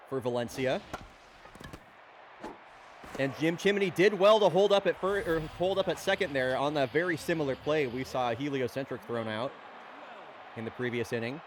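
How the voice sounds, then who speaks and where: Calling a pretend baseball game as host and play-by-play man, he chats and reels off the action casually. His voice is a little high at a moderate pace with long pauses, over slight background noise.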